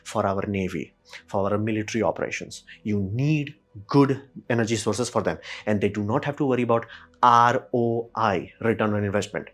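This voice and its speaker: A man, a channel host giving blunt, opinionated solo commentary that slips into quick mimicry of other people. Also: lowish voice. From India.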